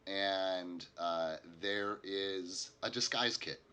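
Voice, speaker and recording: Deep-voiced game master narrating. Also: male voice, drawn-out words, sharp tone, clean tone. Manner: hesitant narration with many fillers and restarts.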